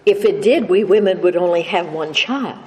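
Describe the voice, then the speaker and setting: A woman's voice: fairly low pitch, normal speed, a little mellow. Older lady telling her story at a meeting, stutters a bit, big echoey hall, some hiss. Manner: humorous storytelling with stutters and restarts. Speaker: recovery meeting speaker. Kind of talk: personal story told to a live audience. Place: meeting hall with an audience laughing. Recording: reverberant hall with faint noise.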